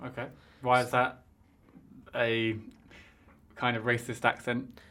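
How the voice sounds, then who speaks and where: A man's voice: mid-range voice, monotone, slow, sharp tone. A young man co-hosting a student radio show, asking dry, teasing questions in casual banter. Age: young adult. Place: radio studio.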